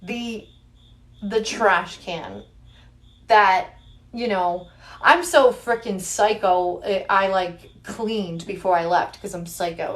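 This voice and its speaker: A woman's voice: mid-range voice, fairly even intonation, slow. A young adult woman hosting a livestream, chatting casually in a playful, rambling, giggly way. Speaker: livestream host.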